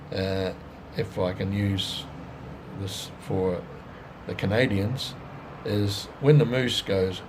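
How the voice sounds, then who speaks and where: An Australian man talks in a low, gravelly voice and shares sales advice in a loose, folksy way. His speech rambles and he restarts often. A faint hiss sits under the recording. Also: a little mellow. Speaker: businessman telling his life story. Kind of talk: casual monologue to camera.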